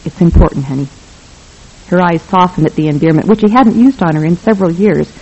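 A narrator reading a novel aloud in a wry, even manner. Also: medium pitch, fast, lo-fi sound. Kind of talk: scripted audiobook narration.

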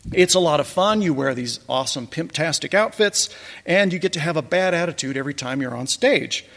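A man with a gravelly, slightly high voice tells wry stories about a pageant, breaking into chuckling asides. His voice rings with a long reverb, as if in a large hall. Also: lively intonation, brisk, fairly bright tone. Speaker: presenter recounting a church pageant. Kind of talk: casual talk over slides.

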